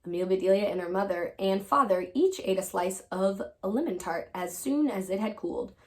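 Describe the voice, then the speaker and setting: A woman teacher reading a children's chapter book aloud with expressive storybook narration. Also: mid-range voice, brisk.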